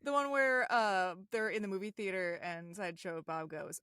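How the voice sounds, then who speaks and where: A woman co-hosting a podcast, chatting casually about a cartoon episode, giggling often and quoting lines in quick voices. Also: medium pitch, a bit bright, clear, resonant tone, no echo, clean studio sound. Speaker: podcast co-host.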